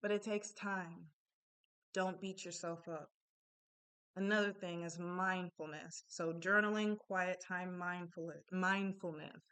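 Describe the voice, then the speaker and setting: A woman's voice: on the low side, fairly even intonation, takes it slowly, fairly bright tone, clear, resonant tone. A young adult woman giving a casual, chatty self-help talk, candid and full of asides.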